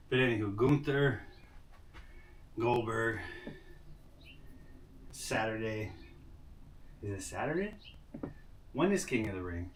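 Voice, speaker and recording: A man's voice: medium pitch, fairly bright tone. A man chatting casually to viewers on a live stream, rambling and greeting them by name, a bit out of breath. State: out of breath after push-ups. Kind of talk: casual IRL livestream chat. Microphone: camera mic without lapel mics. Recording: distant mic with faint noise.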